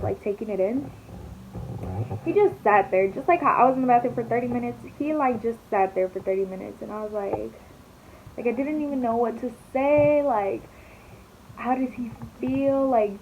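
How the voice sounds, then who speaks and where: A young adult woman with a slightly high, mellow voice chats through a dramatic story while doing her makeup, swearing freely and leaning on "like." It's a casual storytelling vlog, recorded a little dully with a faint hiss.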